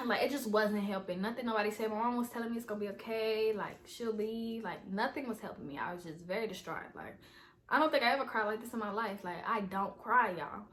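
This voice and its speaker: A woman's voice: medium pitch, brisk, fairly bright tone. A young adult woman vlogger in a casual storytime video, rambling and talking straight to her viewers. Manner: chatty, rambling, talks straight to viewers as "y'all".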